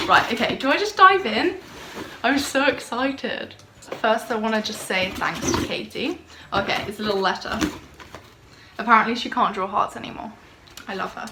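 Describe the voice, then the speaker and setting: A woman's voice: a little high, gravelly. Bubbly young woman vlogging in a roomy bedroom. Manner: bubbly, gushing and chatty. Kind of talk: casual vlog chat. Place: bedroom at home. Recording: roomy home recording with faint noise.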